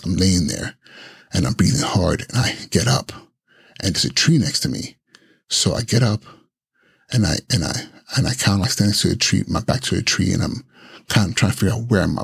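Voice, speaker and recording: A man's voice: sits low, gravelly, husky. A man from Nigeria, a podcast host, dramatically telling a scary personal story from his childhood, repeating words and restarting his sentences as he goes. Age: adult.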